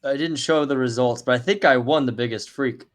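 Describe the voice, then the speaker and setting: A man's voice: medium pitch, fairly quick. A man chatting with his tabletop group over a voice call, playful and mock-indignant. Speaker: tabletop game player. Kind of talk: casual voice-chat banter.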